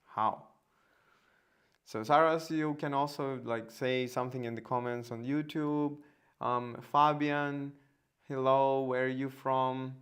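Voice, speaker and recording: Slow, smooth-voiced man hosting a stream. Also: mid-range voice, steady tone, a bit bright. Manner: hesitant, many fillers and restarts, chatty. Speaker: host. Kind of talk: casual live-stream chat.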